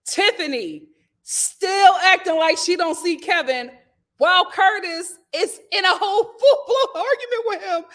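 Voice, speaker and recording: A woman's voice: extremely high pitch, measured pace, fairly bright tone. A woman hosting a casual recap of a reality TV show, retelling scenes dramatically with gasps and acted-out quotes. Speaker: host of a reality TV review show. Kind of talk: casual recap to a live audience.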